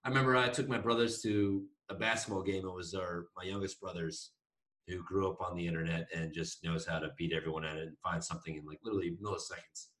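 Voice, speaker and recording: His voice is deep and fairly bright, with fairly even intonation and a quick pace. The young man co-hosts a casual podcast, telling a meandering, profane story with laughs, recorded by a far-off mic in an echoey room.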